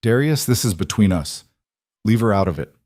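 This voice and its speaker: A man's voice: on the low side, lively intonation, normal speed, darkish tone, dry recording, clean studio sound. A man voicing a tense young werewolf king who speaks in strained, growling warnings.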